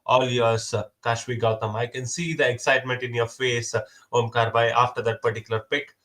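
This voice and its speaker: A young man runs a casual mock auction. He keeps repeating the latest bid and calls on each side by name. He counts down briskly before every sale, at a middle pitch for a man. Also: flat delivery, a bit bright.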